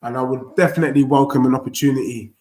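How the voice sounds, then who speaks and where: A young man, hosting a live football watchalong, bantering in slang and reacting loudly to the play. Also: mid-range voice, fairly even intonation, fast, reverberant. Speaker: fan channel host.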